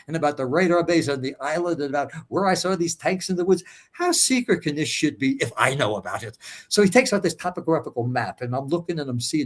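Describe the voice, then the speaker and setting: An older American man, a guest, vividly retelling his escape in a profane, animated way with a husky voice. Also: fairly high pitch, fairly quick. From United States. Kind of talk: storytelling interview.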